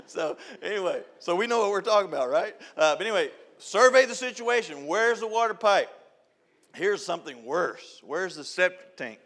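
Folksy youth director in the pulpit, middle-aged, slightly high-pitched, storyteller who laughs and shouts for effect. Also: male voice, animated, moderate pace. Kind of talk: folksy sermon. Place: church sanctuary.

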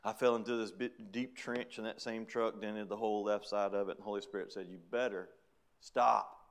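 A man's voice: fairly low pitch, flat delivery, fast talker. Man, middle-aged, preacher, casual storytelling sermon, laughs often. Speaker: preacher giving testimony. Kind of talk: sermon testimony.

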